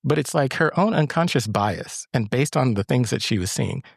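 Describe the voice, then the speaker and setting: A young adult man tells a story in a casual chat, stumbling over repeated words as he gets going. His voice sits at an ordinary middle pitch and is recorded close and dry, with no room sound. He sounds like an actor and co-host talking things over with a friend. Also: animated, moderate pace, gravelly, husky, dry recording. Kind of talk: casual conversation.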